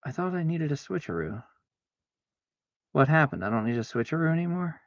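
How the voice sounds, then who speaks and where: A man streaming a card game, chatting casually to himself, arguing back and forth aloud with sudden excited exclamations. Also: a little high, fairly quick, dry recording, highs cut off. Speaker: livestreamer playing solitaire. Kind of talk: casual self-talk while gaming.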